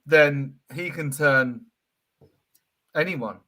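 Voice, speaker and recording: A man co-hosting a laid-back football comedy chat, his voice bright and a little high. He tells jokey, animated stories with a playful edge. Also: drawn-out words. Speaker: co-host.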